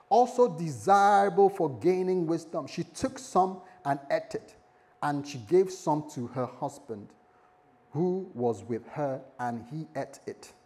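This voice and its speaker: A male pastor delivering a sermon in an animated storytelling manner, breaking off for asides to the congregation. His voice sits fairly high and swings widely in pitch.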